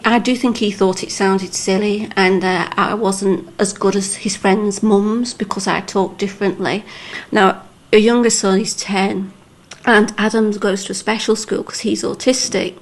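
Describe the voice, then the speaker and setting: A woman's voice: mid-range voice, steady tone, unhurried. A woman in her forties from Lancashire, with a Lancashire accent touched by Liverpool, speaking frankly in a casual interview and laughing easily. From Lancashire, England. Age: 40s. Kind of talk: casual chat.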